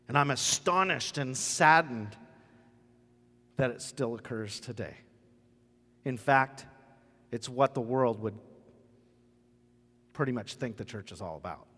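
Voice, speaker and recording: A man preaching a sermon as a pastor, telling stories with animated acted quotes. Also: mid-range voice, long reverb tail.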